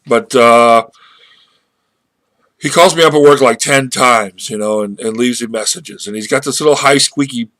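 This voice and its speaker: This man's mid-range, slightly bright voice comes through a webcam mic in a dry recording. He chats casually, telling a story that turns into a marketing lesson, though he rambles, halts, and keeps starting his sentences over.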